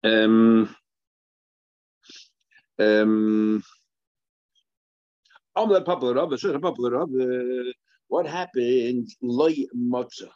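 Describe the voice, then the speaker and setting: A man's voice: medium pitch, a little mellow, no echo. Man teaching Talmud, dry lo-fi sound. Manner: thinking aloud, repeating phrases, mixing Hebrew and Aramaic terms into English. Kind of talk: daily Talmud class. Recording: dry, dull lo-fi recording.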